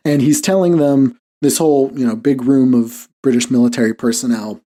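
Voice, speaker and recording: A man hosts a podcast in relaxed, rambling conversation, leaning on "like" fillers and breaking into short chuckles. His voice is mellow and warm, sitting at an ordinary middle pitch for a man. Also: a little fast. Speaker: podcast host. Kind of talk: casual podcast chat.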